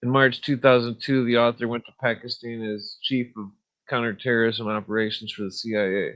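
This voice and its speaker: A man's voice: mid-range voice, level tone, a little fast, a bit bright. A man hosting a podcast in a laid-back, rambling way, chuckling and trailing off with fillers, then reading aloud from a book. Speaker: podcast host.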